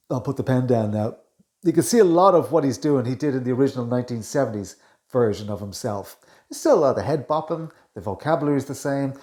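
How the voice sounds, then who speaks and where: Chatty communication coach in an echoey room. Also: male voice, medium pitch, a little mellow. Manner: chatty, with quick asides and self-corrections. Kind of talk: reaction video commentary.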